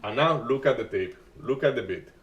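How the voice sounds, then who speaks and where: A man's voice: mid-range voice, lively intonation, fairly bright tone, recorded from a distance, muffled recording. Man talking through live trades. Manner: halting, restarts often, non-native grammar. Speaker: day trading stream host. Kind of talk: live market commentary.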